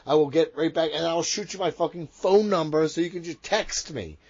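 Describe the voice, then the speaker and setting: A man co-hosting a wrestling podcast in casual, rambling, profane chat that gets excitable. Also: fairly high pitch, brisk, slightly rough, highs cut off. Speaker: podcast co-host.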